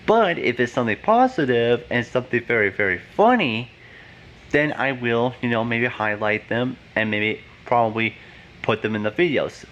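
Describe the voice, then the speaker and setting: A man's voice: medium pitch, lively intonation, moderate pace, fairly bright tone, muffled recording. A young man talking to his channel's viewers, rambling and earnest, with a lot of fillers. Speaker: YouTuber. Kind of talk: casual vlog talk.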